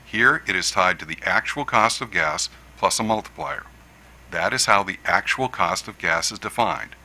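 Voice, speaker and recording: A man, an attorney, making a measured formal legal argument at a hearing, stressing key words. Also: sits low, bright, forceful tone, low-quality recording. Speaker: attorney for a utility. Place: hearing room.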